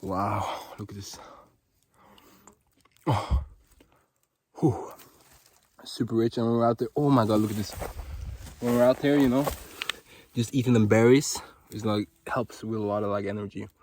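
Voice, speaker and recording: Walking through a forest on a hot day, a Norwegian vlogger with a Norwegian accent speaks at a measured pace in a fairly low voice, leaving long pauses, with no echo. He's gushing and excitable, rambling with many fillers.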